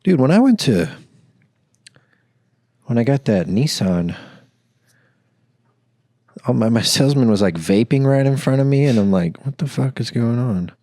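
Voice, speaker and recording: A man's voice: medium pitch, sing-song, unhurried, pauses often, dark tone, no room sound, studio quality. A young man co-hosting a podcast in casual chat, blunt and crude, tossing in wry quips. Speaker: podcast co-host.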